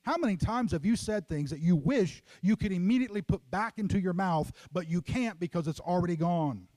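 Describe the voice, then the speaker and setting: A middle-aged male pastor delivers an emphatic sermon in a slightly raised, mellow voice. He drives his points home through repetition and speaks straight to the congregation. The sound is close and dry. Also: high-pitched, animated, a little fast, dry recording. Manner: emphatic, repeats phrases, addresses congregation as folks.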